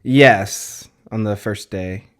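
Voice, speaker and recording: A man's voice: lowish voice, slow pace, fairly bright tone. A man talking casually about teaching work, matter-of-fact and correcting himself as he goes. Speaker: music educator and presenter. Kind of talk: casual chat.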